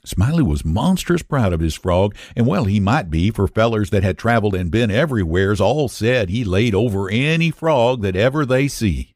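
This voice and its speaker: A man's voice: fairly low pitch, animated, normal speed, hardly any pauses, a little mellow, no echo, clean studio sound. A man reading a classic short story aloud as host, telling it in a folksy rural dialect. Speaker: story reader.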